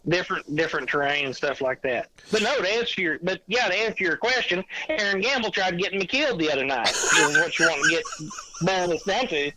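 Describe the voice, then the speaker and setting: A man, a podcast guest calling in by phone, telling a hunting story in a rambling, animated way. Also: high-pitched, brisk, slight background noise. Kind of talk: casual chat. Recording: dull lo-fi phone line.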